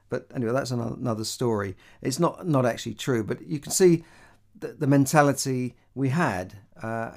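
A middle-aged man with a Cockney accent talks through a casual monologue on money and opportunity. He rambles a little and keeps restarting, with a lot of "you know" along the way. His pitch sits in the ordinary middle range for a man. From London, England. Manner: rambling, conversational, many fillers and restarts. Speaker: money advice host.

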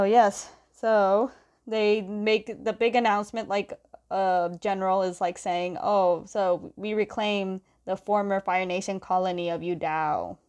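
A woman talks through a story recap in a loose, chatty way, quoting each character in turn with "and she's like." Her voice sits at an ordinary middle pitch, and she breaks into small laughs as she goes. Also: darkish tone. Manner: chatty, strings quotes with "is like", laughs often. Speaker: comic book recapper.

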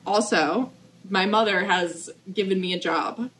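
A young woman chatting casually, telling animated stories and acting out what others said. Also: mid-range voice, a little slow, slight background noise. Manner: animated storyteller who acts out quotes. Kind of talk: casual chat.

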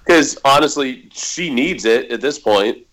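A man's voice: medium pitch, expressive, slow, a bit bright, rough recording. A man co-hosting a casual wrestling podcast, with a laid-back delivery and dry, sarcastic humor. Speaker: podcast co-host.

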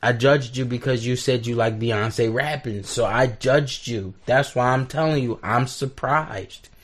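A man's voice: mid-range voice, a little slow. A man co-hosting a podcast in casual chat, explaining his point at length and teasing. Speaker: podcast co-host.

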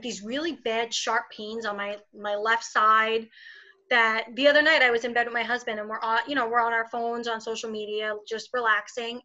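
Bright-voiced woman, candid and chatty. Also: on the high side. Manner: candid, chatty, with frequent fillers. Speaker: interview guest. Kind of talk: casual conversation. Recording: dull lo-fi recording.

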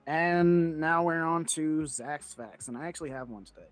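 A man's voice: on the high side, normal speed, dry recording. Laid-back, rambling male podcast co-host. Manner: rambling, laughing, trailing off mid-sentence. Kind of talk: casual chat.

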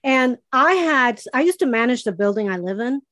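High-pitched chatty woman. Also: expressive, normal speed, a bit bright. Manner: chatty, laughs while telling stories. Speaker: podcast co-host. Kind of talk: casual chat.

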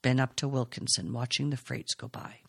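A woman's voice: flat delivery, normal speed, heavily acted. Woman doing a sullen, grim young man. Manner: low, clipped, rough country grammar.

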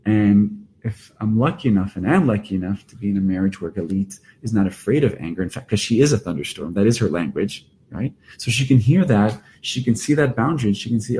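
A man's voice: on the low side, expressive, a little fast, darkish tone, slight background noise. A middle-aged man, a therapist speaking in an earnest, reflective podcast monologue with emphatic restarts. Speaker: therapist and workshop leader.

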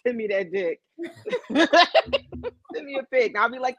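A woman's voice: on the high side, expressive, a little slow, pauses often, no echo, muffled recording. A young adult woman co-hosting a casual podcast chat, telling rowdy, profane stories and laughing a lot. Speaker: podcast co-host.

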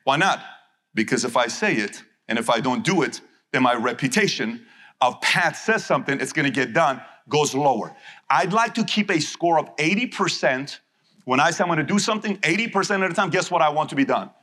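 Punchy, forceful male seminar speaker. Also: on the high side, lively intonation, brisk. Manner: emphatic, punchy, repeats key phrases. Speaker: motivational speaker. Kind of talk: live seminar speech to an audience.

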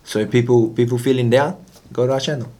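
A young man guesting on a casual podcast, relaxed and rambling with lots of fillers. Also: medium pitch, a little fast. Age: young adult. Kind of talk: casual chat.

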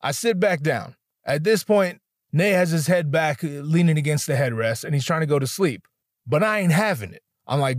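Brief: young male comedian, high-leaning voice, dry close sound, profane and animated storytelling. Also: brisk, dry recording. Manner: animated, profane, acts out quotes in shifting voices. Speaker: stand-up comedian. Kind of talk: stand-up storytelling.

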